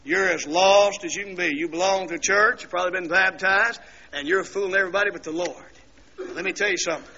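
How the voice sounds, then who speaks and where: An older male preacher tells his testimony in a high, bright, ringing voice, telling the story in turns and rising into fervent shouts. The sermon comes through on a dull, lo-fi recording of a church service. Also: fairly quick, slight background noise.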